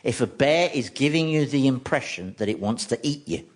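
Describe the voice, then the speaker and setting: A man's voice: mid-range voice, brisk. Wry man telling comic stories. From London, England. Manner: wry, deadpan comic storytelling. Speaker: comedy host. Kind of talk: stand-up comedy monologue on radio. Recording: recording with steady background noise.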